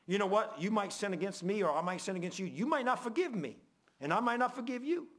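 A man preaching a sermon in a folksy way, swinging from loud, high emphasis to low, quiet confession. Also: animated, fast talker.

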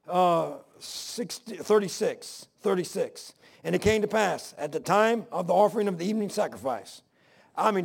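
A man's voice: high-pitched, vocal fry, a little mellow. A man preaching a sermon, rambling between scripture readings and asides.

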